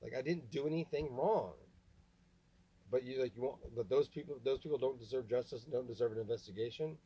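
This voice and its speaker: A man delivering an angry, halting rant to camera, full of restarts and swearing. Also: mid-range voice, warm tone, husky, poor audio. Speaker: vlogger. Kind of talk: ranting monologue to camera.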